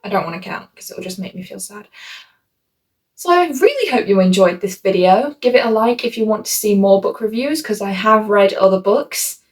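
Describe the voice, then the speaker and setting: A woman's voice: mid-range voice, animated, normal speed. A woman reviewing a book on her vlog in a chatty, rambling, self-mocking way, shifting her voice for quoted asides.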